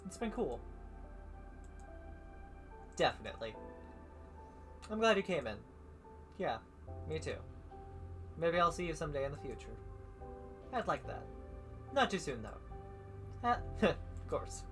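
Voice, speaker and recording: A man's voice: on the high side, very animated, measured pace, long pauses, music in the background. A man streaming a visual novel, reading every character's lines and the narration himself, stumbling now and then and adding his own asides.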